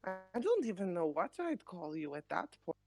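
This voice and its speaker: A woman playing in a casual tabletop role-play, with a dry and unhurried way of talking. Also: sing-song, creaky, a little mellow, soft background music. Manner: dry and unhurried, drops into deeper character lines. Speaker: player.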